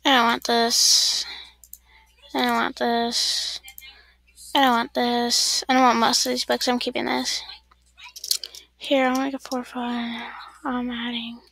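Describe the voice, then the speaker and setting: A woman with a high voice chats casually to her viewers while playing a game, rambling from one thing to the next. She talks at an unhurried pace, and the sound is dry and close with no room echo. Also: flat delivery, gravelly, pushed and bright. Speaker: streamer.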